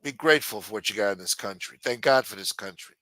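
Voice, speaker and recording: Middle-aged man, heated profane rant, bright edge, dry close sound. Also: on the low side, quick pace, dry recording. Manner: blunt, heated, swears constantly. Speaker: live-stream host. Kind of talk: profane ranting monologue.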